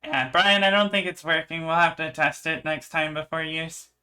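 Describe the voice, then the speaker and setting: A man's voice: a little high, steady tone, moderate pace, pushed and bright, clear, resonant tone. A man hosting a tabletop game stream, chatting casually with playful, laughing banter. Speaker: show host and player. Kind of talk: casual chat.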